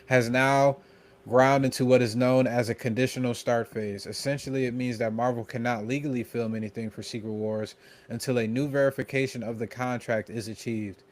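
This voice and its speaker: A man co-hosting a casual podcast, reading out articles and listener questions in a steady, matter-of-fact way. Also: medium pitch, brisk. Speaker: podcast co-host.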